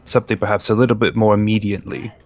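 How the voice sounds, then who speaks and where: A man's voice: lowish voice, flat delivery, racing. A man playing a tabletop role-playing game, talking in character with polite, formal phrasing and hesitant fillers. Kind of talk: in-character role-play chat.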